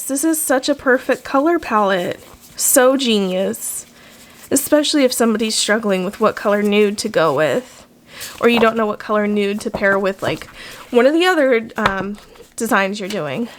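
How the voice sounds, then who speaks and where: A woman's voice: fairly high pitch, slight background noise. A young adult woman, a nail artist, chatting casually and gushing with enthusiasm as she unboxes nail design cards. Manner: gushing, enthusiastic, many fillers.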